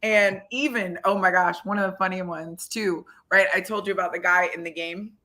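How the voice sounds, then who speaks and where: A woman guest on a podcast interview, telling animated stories and acting out the quotes with big jumps in pitch. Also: normal speed. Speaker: guest, former football coach. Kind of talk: lively storytelling in a podcast interview.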